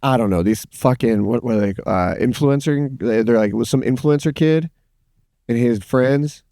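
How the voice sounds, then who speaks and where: A man chatting excitedly on a podcast, swearing freely and acting out what others said. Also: mid-range voice, normal speed, dry recording, clean studio sound. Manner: excitable, swears a lot, acts out quotes. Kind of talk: casual chat.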